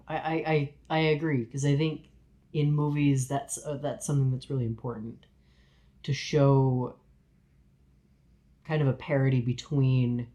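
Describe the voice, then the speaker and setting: A man co-hosting a podcast, speaking in a thoughtful, measured way in casual chat. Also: mid-range voice, a little mellow. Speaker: podcast co-host.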